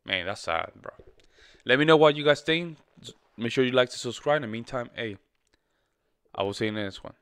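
A man's voice: medium pitch, lively intonation, a little fast, long pauses, fairly bright tone, slight background noise. A man hosting a music reaction video, chatting casually and repeating himself, often calling listeners bro and man. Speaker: music reaction channel host.

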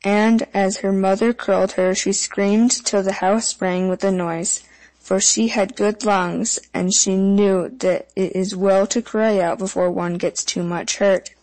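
A woman narrating a fairy tale audiobook in an even, measured storytelling manner. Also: medium pitch, poor audio.

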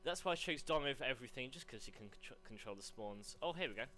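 Excitable young gaming commentator. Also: male voice, medium pitch, quick pace, slight background noise. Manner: excitable, rambling, bursts into yelps. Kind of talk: live gameplay commentary.

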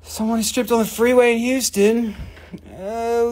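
A woman hosting a live online rock and mineral sale, talking excitably with lots of cursing and quick countdowns. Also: a little high, a little hiss or hum. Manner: excitable, profane, rapid countdowns. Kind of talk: live online sales show.

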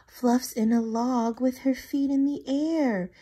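A woman teacher reading a picture book aloud to children, expressive and asking the listeners questions. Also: on the high side, unhurried, husky. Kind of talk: read-aloud storytelling for children.

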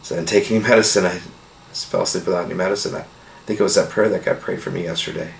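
Deep gravelly man telling his testimony. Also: steady tone, rapid-fire. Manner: earnest, rambling with frequent "you know" and soft laughs. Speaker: testimony speaker. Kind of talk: casual testimony storytelling. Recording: echoey room with faint noise.

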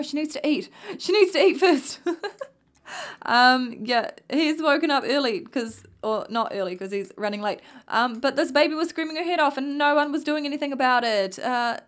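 Young kiwi woman rambling through a sims let's play, kinda tired, high voice, chatting to her little people. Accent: New Zealand. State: tired, yawning. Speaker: gaming youtuber. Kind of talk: casual gameplay commentary.

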